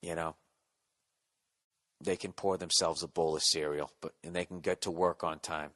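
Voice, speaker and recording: A man's voice: deep voice, level tone, normal speed, fairly bright tone. A middle-aged man hosting a solo podcast, ranting profanely and sarcastically while he reads listener mail and mocks himself. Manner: profane, sarcastic, self-mocking rants. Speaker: podcast host.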